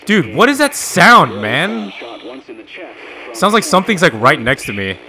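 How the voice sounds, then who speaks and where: A man's voice: sits high, big pitch swings, a little slow, bright, forceful tone. A man streaming a horror game live, talking to his chat, swearing often and shrieking when startled. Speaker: gaming streamer. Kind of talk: live gameplay reaction.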